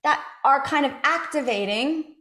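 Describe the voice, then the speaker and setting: A woman interviewer with a high, bright-pitched voice, talking fast and earnestly. She is recorded in an echoey room. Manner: fast, earnest, many fillers and restarts.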